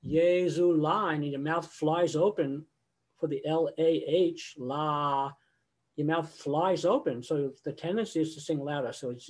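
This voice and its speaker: An older man who conducts choirs gives a conversational lecture over a video call. His voice sits fairly high, a little mellow with a breathy edge, and he breaks into sung example phrases partway through his explanations.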